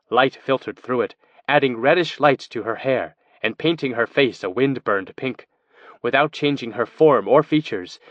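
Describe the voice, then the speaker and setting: A man narrating a fantasy audiobook in a steady storytelling manner. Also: mid-range voice, no room sound. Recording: dry, dull lo-fi recording.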